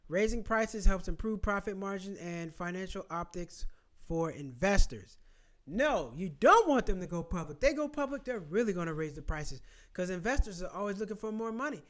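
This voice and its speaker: Man, high voice, lively swings, casual blunt commentary, swears a lot. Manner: animated, swearing, talking back to what he reads. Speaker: vlogger. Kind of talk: casual commentary reading and browsing online.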